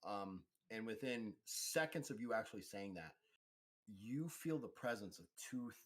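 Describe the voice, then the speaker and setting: A man running a tabletop game as game master, narrating in a relaxed, rambling way. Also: on the low side, measured pace. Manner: relaxed, rambling, frequent restarts.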